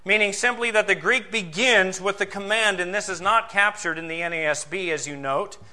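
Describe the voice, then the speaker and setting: Bright-voiced, high-pitched male preacher. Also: normal speed. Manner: emphatic preaching, rhetorical questions, swings from loud to soft. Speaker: pastor. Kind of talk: sermon.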